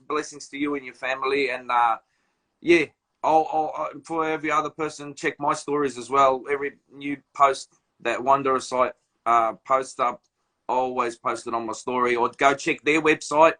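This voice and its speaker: A man with a mid-range voice and moderate pace hosts a casual live video chat from a phone or laptop. He tells stories in an animated, slangy, loose way.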